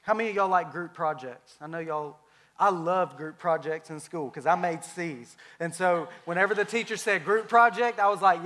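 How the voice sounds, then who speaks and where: A young man preaches in a high voice. He keeps the sermon casual and funny, with animated storytelling that draws in the crowd. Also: moderate pace. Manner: conversational and humorous, animated storytelling. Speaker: preacher at a church.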